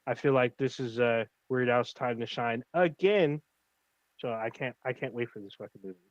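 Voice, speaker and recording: A man's voice: medium pitch, normal speed, no echo. Enthusiastic man in a dull, dry recording. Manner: rambling, enthusiastic, swears freely. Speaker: podcast co-host. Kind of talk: casual chat.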